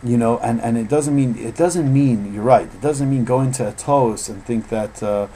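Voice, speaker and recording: A man teaching an informal evening Torah class, telling stories with animated, loud bursts when he acts out quotes. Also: mid-range voice, normal speed, a little hiss or hum, rough recording.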